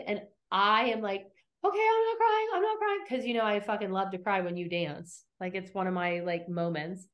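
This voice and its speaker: A middle-aged woman hosting a podcast, casually recapping scenes, acting out quotes and swearing freely. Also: mid-range voice. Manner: animated storyteller, acts out quotes, swears freely. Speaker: podcast host recapping episodes.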